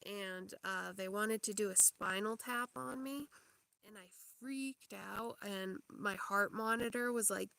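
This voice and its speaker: A woman's voice: mid-range voice, a little slow, creaky, bright, forceful tone, dry recording. A young woman hosting a livestream, chatting casually in a rambling way, full of fillers and small laughs. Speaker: livestream host. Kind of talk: casual chat.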